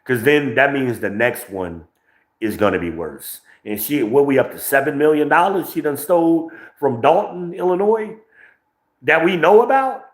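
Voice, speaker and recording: A New Jersey man with a matching accent hosts his podcast from a phone with no mic, his mid-range voice animated and moving at normal speed in an echoey room. The talk is a profane livestream commentary, brash and rambling.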